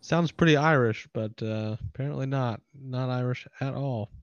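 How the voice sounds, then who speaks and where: An American man with a middle-range voice chats easily about sports, weighing in calmly and a little unsure. His mic sounds dull and lo-fi, and the sound is dry. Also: medium pitch, moderate pace, no echo. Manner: relaxed, thoughtful, chiming in. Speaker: sports podcast co-host. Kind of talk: casual sports chat.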